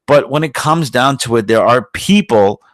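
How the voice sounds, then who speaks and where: An American man hosts a podcast, rambling through a casual monologue full of profanity, fillers and restarts. His medium-pitched voice has lively intonation and a normal speed, with no room sound.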